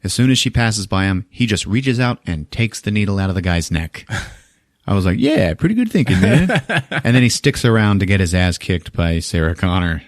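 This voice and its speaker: A man hosting a podcast, recapping a movie in a casual, profane, animated way and laughing often. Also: low voice, normal speed, no echo, studio quality. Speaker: podcast host.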